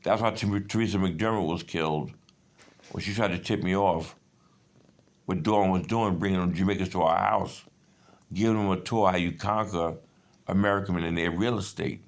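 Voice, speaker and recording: A man's voice: low-pitched, steady tone, normal speed. A man in his fifties in a rambling personal monologue, agitated and profane, jumping between stories. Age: 50s. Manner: agitated, profane, digressive storytelling.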